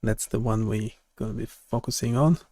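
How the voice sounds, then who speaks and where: A man developer streaming live, talking casually and haltingly as he thinks aloud, with many fillers. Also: on the low side, steady tone, warm tone, no echo.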